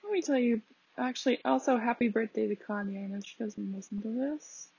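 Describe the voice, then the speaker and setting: Chatty young woman, gravelly and lo-fi. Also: a little high, fairly quick, darkish tone, dry recording. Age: young adult. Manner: chatty, lots of fillers, laughs at herself. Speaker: podcast host. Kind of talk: casual rambling monologue. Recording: dull lo-fi home recording.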